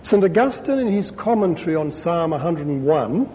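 A man, a priest giving a conversational sermon with wry asides, reading quotations aloud and rising in pitch for emphasis. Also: big pitch swings, normal speed, mellow. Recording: long hall reverb, faint low rumble.

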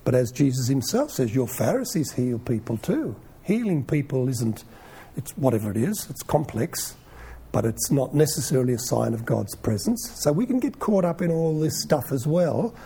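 Husky, warm-voiced male Bible teacher. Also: mid-range voice, normal speed. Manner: conversational, rhetorical questions, lively asides.

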